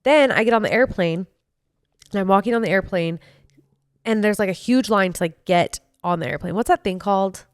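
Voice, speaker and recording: A woman's voice: mid-range voice, brisk, clear, resonant tone, no echo, clean studio sound. A young adult woman, co-host of a podcast, telling a story in casual chat, full of fillers like "like". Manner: chatty storytelling with lots of "like".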